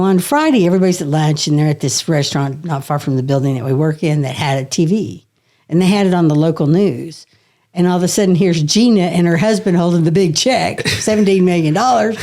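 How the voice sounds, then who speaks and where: Middle-aged woman telling a story with laughs. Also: fairly low pitch. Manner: lively anecdotal storyteller, laughing often and swearing. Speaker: podcast guest. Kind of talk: casual storytelling.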